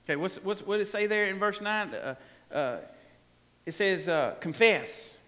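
Folksy pastor preaching with reverb. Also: male voice, sits high, expressive, normal speed, fairly bright tone. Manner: folksy, emphatic, with frequent laughs and call-and-response. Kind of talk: sermon. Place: church sanctuary. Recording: long hall reverb in a church.

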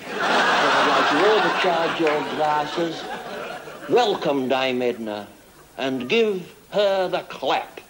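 A man's voice: mid-range voice, natural voice, poor audio. A man playing a drunk, crude, middle-aged Australian diplomat with a broad Australian accent, giving a pompous, rambling speech in a television comedy sketch. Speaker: comic character monologue. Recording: old 1970s TV broadcast with hiss. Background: studio audience laughter.

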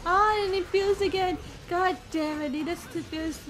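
Very high-voiced excitable woman gamer. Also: measured pace, few pauses. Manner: excitable, exclaiming and swearing at the game. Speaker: streamer playing a video game. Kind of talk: live gameplay commentary.

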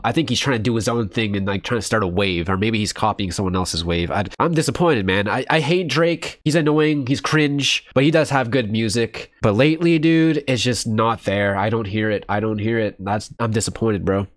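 A young man talks through his first listen of new songs in a blunt, candid way, calling everyone "dude" and cursing without a filter. His voice sits at an ordinary middle pitch. The sound is dry and close, with no room echo. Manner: blunt and candid, says "dude" and "bro" often, swears freely. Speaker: music reaction streamer. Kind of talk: casual first-listen reaction commentary.

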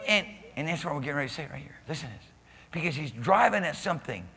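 Male pastor, fervent sermon delivery with quiet-to-shouting swings; bright, high, reverberant church room. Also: big pitch swings, fast, vocal fry. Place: church sanctuary.

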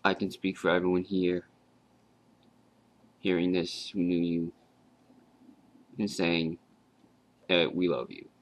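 A young man giving a halting, casual tribute to his late grandmother, with fillers and restarts. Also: low voice, fairly even intonation. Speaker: grieving grandson.

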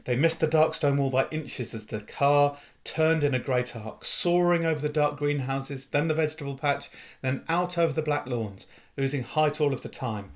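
A man reading a novel aloud in an expressive storytelling manner. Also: a little high, moderate pace. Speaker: reader. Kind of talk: audiobook narration of a novel.

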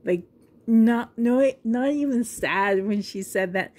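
A woman's voice: a little high, takes it slowly, a little mellow. A middle-aged woman vlogging in a casual, rambling way, chatting to camera and laughing often.

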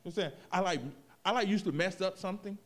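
A man preaching a sermon, moving from hushed reflection to loud, animated emphasis, with casual asides to the congregation. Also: high voice, very fast. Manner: expressive preaching, swings from quiet to loud, vernacular asides. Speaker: pastor.

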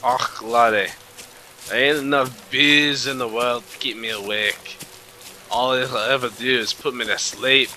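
A man's voice: medium pitch, steady tone, measured pace, bright, forceful tone, a little hiss or hum. A man voicing a tired, tipsy Scottish man in a mock Scottish accent, exaggerated and slurred. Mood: weary.

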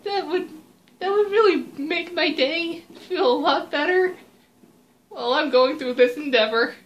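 High-pitched, panicky woman gamer. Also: a little slow, muffled recording. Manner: panicky, nervous laughter, repeating herself. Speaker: gaming YouTuber. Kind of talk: horror game let's play commentary.

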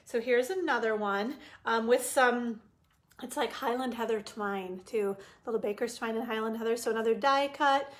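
A middle-aged woman with a somewhat high voice runs a casual live stamping demo from her home craft room. She talks in a chatty, rambling way, filling pauses with ums and greeting viewers by name.

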